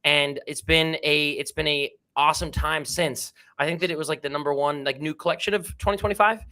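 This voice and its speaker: A man's voice: a little high, fairly even intonation, fairly quick, bright, forceful tone. A man appearing as a guest on a casual livestream, talking in an enthusiastic, slangy, upbeat way. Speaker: guest, project founder.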